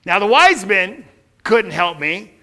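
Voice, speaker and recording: A man's voice: high-pitched, big pitch swings, takes it slowly, bright, forceful tone, heavily acted. A man voicing an arrogant ancient king who speaks in a sarcastic, condescending way.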